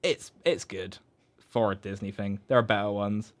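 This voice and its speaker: A man's voice: lowish voice, moderate pace. A young man co-hosting a podcast, chatting casually and rambling about films. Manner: chatty, rambling, slips into silly impressions. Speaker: podcast co-host. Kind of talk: casual film review chat.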